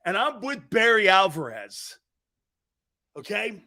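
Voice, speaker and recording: A middle-aged man from Connecticut hosting a sports talk show, telling stories loudly, laughing and acting out the voices of people he quotes. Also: sits high, very animated, takes it slowly.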